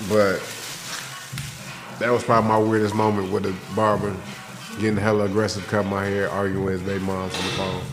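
Male guest, relaxed and hesitant storyteller, somewhat low voice. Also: fairly quick, long pauses, very noisy. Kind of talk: casual storytelling banter.

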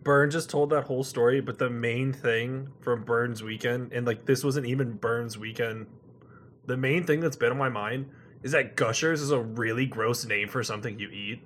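A man's voice: medium pitch, steady tone, normal speed, a bit bright. Young guy riffing and laughing with his cohosts, faint hiss behind. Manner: joking, laughing, rambling. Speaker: podcast co-host. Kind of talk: casual banter.

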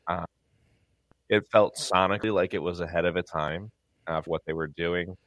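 A man with a very low voice co-hosts a music podcast, talking in a relaxed way with dry humor. The recording is dry and close, with no room sound. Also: normal speed, no echo. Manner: laid-back, dry humor. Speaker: podcast co-host. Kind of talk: casual podcast chat.

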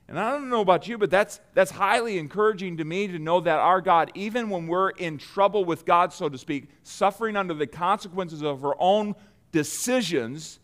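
A man with a notably high voice delivers a sermon to a congregation. He speaks earnestly, slowing down to lean on each line of scripture and stumbling into restarts as he explains it. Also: a bit bright. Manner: earnest, slows down to stress scripture, frequent restarts. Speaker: preacher.

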